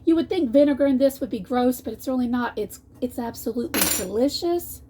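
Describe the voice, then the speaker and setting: Chatty woman, high voice. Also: brisk, background noise. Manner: chatty, folksy, restarts often. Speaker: cooking vlogger. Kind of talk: casual cooking vlog. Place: home kitchen.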